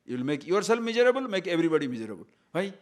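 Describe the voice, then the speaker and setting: A man acting as a spiritual teacher gives a discourse on scripture, emphatic and full of rhetorical questions, at times chanting verses in Sanskrit. His voice is a little high, very animated, and very fast.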